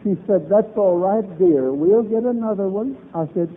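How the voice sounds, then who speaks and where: A man's voice: high voice, moderate pace, slight background noise. A man preaching a revival sermon, fervent and emphatic, repeating lines for emphasis. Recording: tinny old lo-fi recording.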